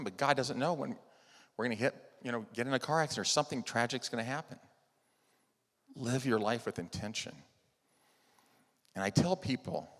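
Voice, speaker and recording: A man giving a motivational conference talk, telling a personal story earnestly, rising to loud emphasis and dropping to soft, hushed lines. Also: medium pitch. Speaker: conference speaker. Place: large event hall. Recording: long hall reverb.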